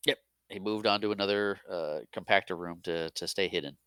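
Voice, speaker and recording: A man's voice: low-pitched, bright, forceful tone, smooth, dry recording. A man co-hosting a podcast, chatting casually about a film and sharing fun facts. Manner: chatty, shares fun facts, quick laughs. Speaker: podcast co-host. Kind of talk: casual movie recap chat.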